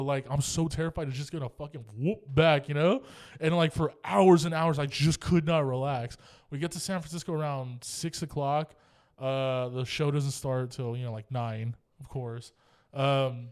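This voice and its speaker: A man's voice: on the high side, darkish tone. A young man co-hosting a podcast, telling a long story in casual chat, swearing a lot and acting out both sides of the dialogue. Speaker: podcast co-host.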